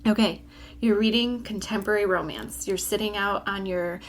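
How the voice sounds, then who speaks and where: A woman's voice: mid-range voice, fairly even intonation, normal speed, a little hiss or hum. A woman co-hosting a casual library podcast, chatty and laughing often as she leads with questions. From Florida. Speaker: podcast co-host. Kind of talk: casual chat.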